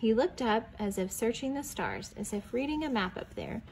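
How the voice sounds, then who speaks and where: A woman's voice: a little high, animated, slight background noise, rough recording. Woman reading a picture book aloud. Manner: gentle storytelling that pauses to ask the children questions; drops to a soft whisper on quiet lines. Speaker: children's librarian reading aloud.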